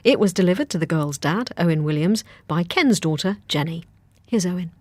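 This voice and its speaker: Brief: woman news presenter, lowish voice, light playful read, dry studio sound. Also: lively intonation, brisk, darkish tone, no room sound.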